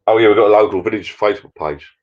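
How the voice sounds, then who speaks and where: A man's voice: on the low side, rapid-fire, lo-fi sound. A man hosting a casual live stream, rambling chattily and reading out viewer comments.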